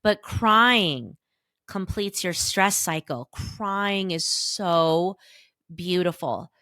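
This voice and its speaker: A woman's voice: lowish voice, drawn-out words, no room sound, studio quality. A woman in her thirties hosting a solo podcast, talking earnestly and directly to her listeners with casual advice. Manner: warm, earnest, emphatic, addresses listeners directly. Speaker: podcast host and therapist.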